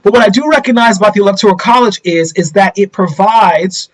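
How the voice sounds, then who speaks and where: A man's voice: high voice, brisk, low-quality recording. A middle-aged man hosting a casual political commentary livestream, talking straight to viewers and asking them rhetorical questions.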